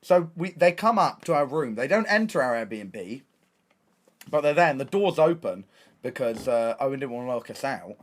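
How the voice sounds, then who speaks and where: A young man with an English accent, a streamer telling a story in a casual, excitable way, full of slang and restarts. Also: medium pitch, normal speed. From England.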